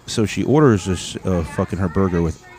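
A man's voice: low-pitched, normal speed, darkish tone. A man casually reacting to online videos, sardonic and profane, mocking what he watches.

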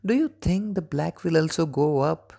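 A man voicing a curious, excited little boy in a spoken story, with eager, breathless questions. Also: a little high, normal speed, gravelly, husky, pitched above the performer's own voice, heavily acted.

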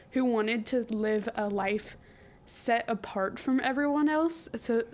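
A young woman co-hosting a casual history podcast, reading from her notes with jokey asides and giggles. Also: on the high side. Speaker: podcast co-host.

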